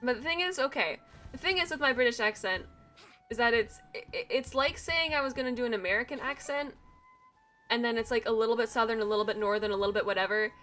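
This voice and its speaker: A woman's voice: on the high side, fast, fairly bright tone, faint music behind. A young woman with an Atlantic Canadian accent and a slight Valley Girl sound, chatting casually and rambling with frequent laughs while streaming a game. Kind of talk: casual chat while gaming.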